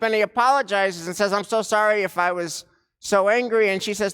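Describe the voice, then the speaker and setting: Man, rabbi, sermon, high clear voice, reverberant sanctuary. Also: fairly even intonation, fairly bright tone. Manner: slow, deliberate storytelling with dramatic pauses. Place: synagogue sanctuary. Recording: long reverb of a large sanctuary.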